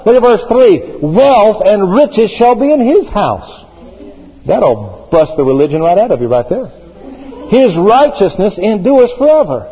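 Man preaching a sermon, emphatic repetition, husky voice, echoey church, muffled broadcast sound. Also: sits high, very animated, unhurried. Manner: emphatic, repeats phrases with rising intensity. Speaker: pastor.

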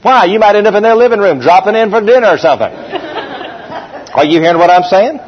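A man preaching a lively sermon as pastor, calling out to his congregation. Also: sits high, brisk. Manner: animated preaching, calls out to the congregation. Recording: dull lo-fi recording.

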